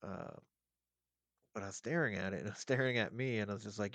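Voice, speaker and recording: Male podcast guest, low pitch, loose profane storyteller, dry recording. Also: fast talker, gravelly, dry recording. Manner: animated, profane, rambling with fillers. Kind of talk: casual storytelling.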